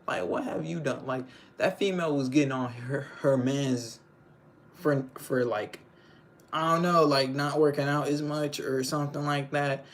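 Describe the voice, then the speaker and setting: A young male livestream host talks a little slowly, his medium-pitched voice fairly even in intonation, with a slight hiss or hum behind him. He rambles casually in slang and keeps checking with his audience: "you know what I'm saying."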